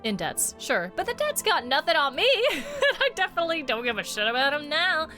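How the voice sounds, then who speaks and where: A woman's voice: sits high, big pitch swings, brisk, sharp tone, voice pushed up, heavily acted. A woman voicing a crude, boastful male gambler who swaggers and calls everyone bro. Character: brash loudmouth male gambler, boastful swindler. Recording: game music behind.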